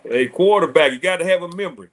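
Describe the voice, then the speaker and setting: A man, a former college quarterback telling animated, laughing stories as a talk show guest. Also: on the high side, a little fast. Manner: animated, laughing storyteller acting out quotes. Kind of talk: casual storytelling on a talk show.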